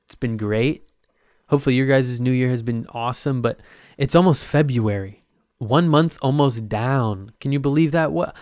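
A man's voice: medium pitch, moderate pace, dry recording, studio quality. Rambling, jokey young man podcasting solo. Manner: rambling, jokey, self-mocking, with sudden loud bursts. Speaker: podcast host.

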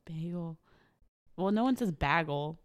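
A woman's voice: fairly low pitch, normal speed, vocal fry, a little mellow. A young woman hosting a podcast in casual chat with a friend, joking and laughing often and teasing herself. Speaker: podcast host.

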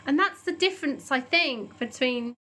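A British woman co-hosting a casual podcast chat, enthusiastic and slowing down to explain things. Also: high voice, lively intonation, sharp tone. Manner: enthusiastic, slows down to explain health facts. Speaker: podcast co-host.

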